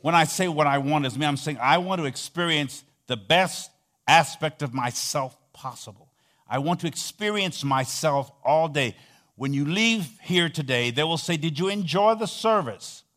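Dynamic preaching man, loud then hushed. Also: on the high side, normal speed. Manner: dynamic preaching, swinging between loud emphatic peaks and soft near-whispered passages; leads call-and-response, has the audience repeat phrases. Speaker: pastor. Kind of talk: sermon.

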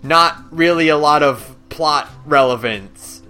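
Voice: medium pitch, slow pace, sharp tone, soft background music. A podcast co-host in casual chat, chatty, easygoing and enthusiastic.

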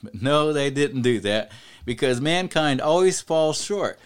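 A man's voice: medium pitch, animated, a little slow, smooth. A man giving an informal Bible study talk, reading verses and explaining them in a conversational way, often saying "you know" and building up to emphatic preaching. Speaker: Bible teacher.

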